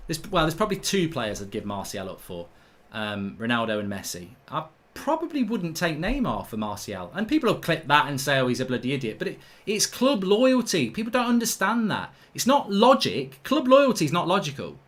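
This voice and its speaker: Argumentative man, fairly high voice. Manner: animated, argumentative, ranting. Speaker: livestream host. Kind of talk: live match watchalong, reading chat.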